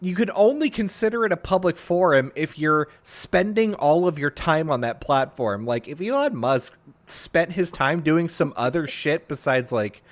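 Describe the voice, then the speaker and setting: A man's voice: fairly high pitch, animated, normal speed. A man from South Texas, co-hosting a podcast in casual chat and telling rambling stories full of "like". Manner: rambling, loose storytelling with frequent "like". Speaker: podcast co-host.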